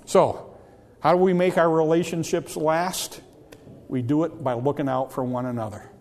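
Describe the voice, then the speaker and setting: A man's voice: fairly high pitch, steady tone, moderate pace, a little mellow, big-room sound. A man preaching a sermon as a pastor, emphatic, with frequent repetitions and restarts.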